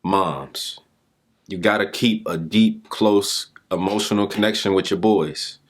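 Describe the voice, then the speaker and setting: A young adult man giving a motivational talk, telling a story in an animated, informal way. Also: a little slow. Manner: animated, informal, pitch jumps with emphasis. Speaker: speaker and mentor.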